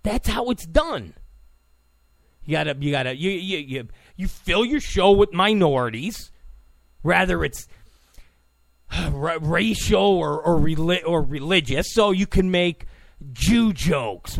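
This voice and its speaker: A man's voice: a little high, lively intonation, slow, gravelly, no room sound. A man hosting a political talk show, delivering an opinionated, sarcastic monologue full of stammering restarts.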